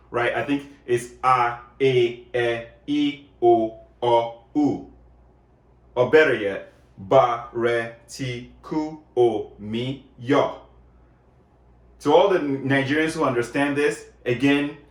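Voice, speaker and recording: A man's voice: medium pitch, a little slow. A man giving a casual, conversational lesson, often checking in with "right?" as he explains. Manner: conversational, many fillers and tag questions. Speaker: lecturer. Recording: echoey room.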